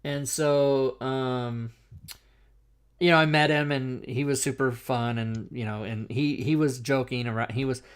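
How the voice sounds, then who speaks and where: A middle-aged man hosting a talk show, telling an animated, profane anecdote in casual chat. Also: medium pitch, a little slow, smooth.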